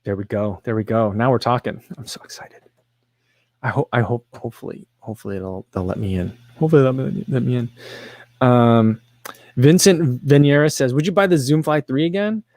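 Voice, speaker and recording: Male livestream host, mid pitch, dry close sound, loose self-deprecating chatter with lots of restarts. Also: brisk, a little mellow, dry recording. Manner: rambling, self-deprecating, with frequent restarts and fillers. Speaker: livestream host reading chat questions. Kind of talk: casual livestream chat.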